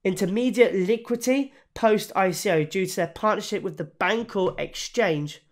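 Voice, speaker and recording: Youtuber, crypto review, casual rambling talk, stumbles and corrects himself, hiccups. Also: male voice, high voice, normal speed. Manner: rambling, frequent fillers and self-corrections. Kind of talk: casual spoken review to camera.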